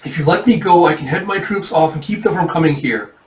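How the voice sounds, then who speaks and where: A man doing a young nobleman's voice, desperate and remorseful, pitched a bit high, roomy distant sound. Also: fast talker, lightly acted. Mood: pleading. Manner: pleading, raised voice.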